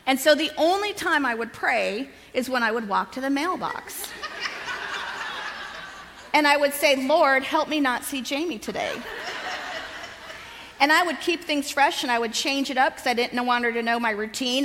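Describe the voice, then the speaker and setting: A woman in her fifties speaking at a conference shares her personal testimony with the crowd at a moderate pace, her bright, slightly high voice ringing with a large hall's long reverb. A lively storyteller, she acts out everyone's dialogue and often laughs.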